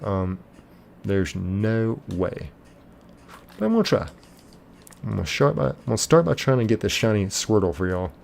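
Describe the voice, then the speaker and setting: A man hosting a live game stream, chatting casually and reading out viewer comments in a relaxed, friendly way. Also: fairly low pitch, normal speed, creaky.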